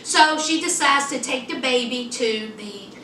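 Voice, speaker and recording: A woman chatting through a lively, sassy recap of a TV episode, full of asides to the viewer. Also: sits high, measured pace, reverberant, recorded from a distance, slight background noise. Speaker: TV episode reviewer.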